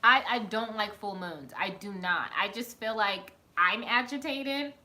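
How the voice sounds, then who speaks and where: Bright, chatty woman on a home live stream. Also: mid-range voice, a little slow. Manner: chatty, laughs often, talks to chat by name. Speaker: live stream host reading viewer comments. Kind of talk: casual live stream chat.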